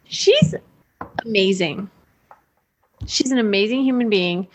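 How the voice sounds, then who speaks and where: A woman guest on a chat show, telling family stories in a lively way and laughing often, a little tipsy. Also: mid-range voice, slow, a little hiss or hum. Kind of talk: casual chat, storytelling.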